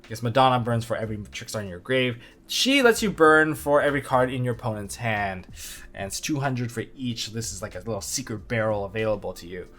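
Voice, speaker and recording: A man talking through card strategy in a loose, unscripted commentary, his voice jumping up with excitement and then dropping into low, quieter asides. He sits at a middling pitch and slips in dry sarcasm now and then. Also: a little fast. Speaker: card game video host. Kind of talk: casual analysis commentary.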